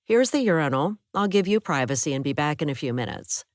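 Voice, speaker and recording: A woman reading an audiobook voices a calm, practical nurse who speaks in a matter-of-fact way. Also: sits low, brisk, dry recording, studio quality.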